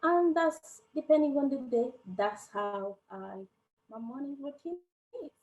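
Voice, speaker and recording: Woman panelist, reflective and unhurried, sits back from the mic in an echoey room. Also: high voice, animated, darkish tone. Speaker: panel guest. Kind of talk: casual personal sharing. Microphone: video call. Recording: roomy, distant from the mic.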